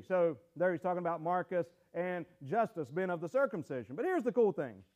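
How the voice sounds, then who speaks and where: A man's voice: high voice, sing-song, brisk, few pauses, a little mellow, highs cut off. A man preaching a sermon as pastor, telling folksy stories and acting out the voices of the people in them. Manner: folksy storytelling, acts out quoted voices.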